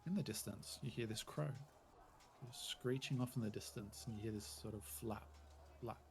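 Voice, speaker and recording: A man's voice: fairly low pitch, moderate pace. A man narrating as game master, with loose, rambling descriptions full of hedging fillers.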